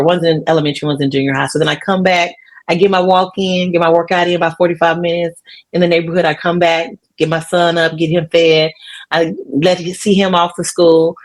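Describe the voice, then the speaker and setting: A middle-aged woman with a fairly low voice talks as an interview guest. She speaks earnestly and from the heart, calm and reflective. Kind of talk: casual interview.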